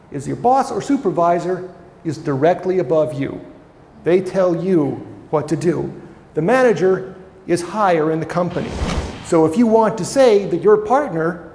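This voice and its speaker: Male English tutor, high voice, quizzes the class, echoey hall. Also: creaky, a little mellow. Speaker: English teacher. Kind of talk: demonstration language lesson. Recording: echoey hall with faint music.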